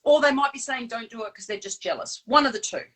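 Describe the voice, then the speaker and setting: A woman's voice: a little high, fast talker, fairly bright tone, low-quality recording. A woman standing in as host of a live show, chatting casually and animatedly, laughing often and using plenty of fillers. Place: on Bribie Island.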